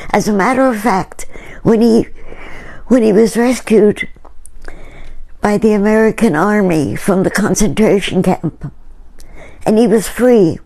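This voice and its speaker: Older lady painter telling stories real slow and earnest, kinda reflective. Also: medium pitch, dark tone. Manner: earnest, reflective, unhurried storytelling. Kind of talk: storytelling talk to a small group.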